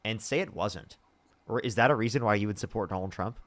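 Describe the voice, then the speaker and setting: A man's voice: lowish voice, fast talker. A young man hosting a live debate stream, arguing and pressing his guest with repeated questions. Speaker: debate show host.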